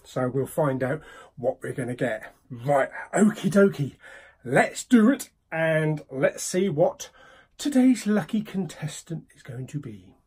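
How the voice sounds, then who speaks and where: British guy doing a bargain-bin unboxing vlog, slightly husky voice, unhurried talk that jumps up and down a lot, jokey mock-annoyed asides. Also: fairly high pitch, very animated, darkish tone. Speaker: vlogger reviewing bargain-bin films. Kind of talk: casual unboxing chat.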